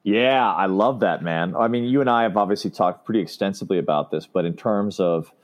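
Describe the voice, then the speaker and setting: A man's voice: low-pitched, fairly quick. A man hosting a podcast, affirming and thoughtful, restarting his sentences as he talks. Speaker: podcast host. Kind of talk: casual conversation.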